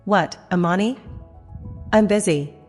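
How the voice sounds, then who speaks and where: A woman voicing a clipped, impatient husband who turns low and urgent. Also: measured pace, a little mellow, natural voice. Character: curt, controlling husband. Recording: long reverb, music behind.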